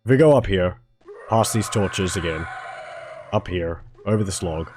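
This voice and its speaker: Casting: Australian man, mild accent, hoarse throat, lowish voice, rambling casual game stream chat. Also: lively intonation, a little slow, background noise. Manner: chatty, rambling, talks to chat viewers. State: hoarse, fading voice. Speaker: streamer playing a video game.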